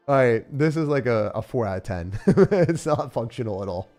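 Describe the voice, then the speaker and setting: A young man giving live commentary as he plays and rates card decks, excitable, with loud outbursts and laughter. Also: mid-range voice, normal speed. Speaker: streamer playing and rating decks. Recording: faint music behind.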